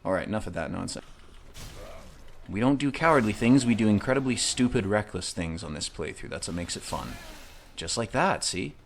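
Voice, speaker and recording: A man's voice: lowish voice, expressive, moderate pace, gravelly, slight background noise. A man in his thirties giving profane, joking commentary while playing a video game. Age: 30s. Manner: profane, jokey, rambling asides. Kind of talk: comedic let's-play commentary.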